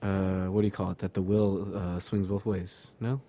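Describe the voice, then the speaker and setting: A man's voice: low voice, level tone, normal speed, dark tone. Hesitant young man hosting a podcast. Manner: hesitant, lots of ums and uhs, reads announcements aloud. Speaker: podcast host. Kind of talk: casual chat.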